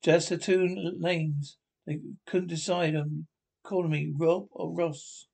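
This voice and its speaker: A man's voice: fairly high pitch, fairly even intonation, slow, vocal fry, darkish tone, heavily acted. A man with a Liverpool accent playing a rootless male space drifter in a sitcom, plain and frank. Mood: wistful. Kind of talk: sitcom acting.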